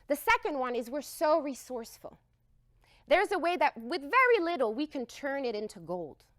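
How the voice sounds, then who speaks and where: A woman giving an expressive, emphatic talk, telling a heartfelt personal story to an audience. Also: sits high, no echo, studio quality. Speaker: speaker.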